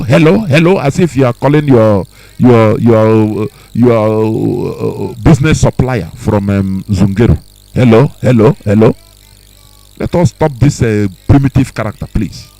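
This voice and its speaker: A man runs a live call-in radio program in a dark, mellow voice. He talks sternly to his callers, repeating words and lecturing them on manners. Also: medium pitch, normal speed, creaky, no echo, low-quality recording. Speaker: radio host.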